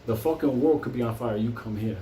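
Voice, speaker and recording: A man's voice: mid-range voice, brisk, warm tone, slight background noise, lightly acted. A man doing a blunt, tough biker pal. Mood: generous. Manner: blunt, profane. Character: generous tough male biker friend. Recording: roomy, distant mic.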